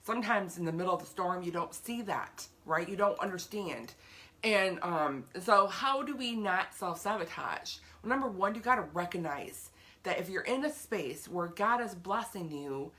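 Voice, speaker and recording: A woman's voice: fairly low pitch, expressive, moderate pace, sharp tone. A woman giving an earnest, chatty talk on faith to her viewers, often repeating herself for emphasis. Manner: greets live viewers by name. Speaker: faith vlogger.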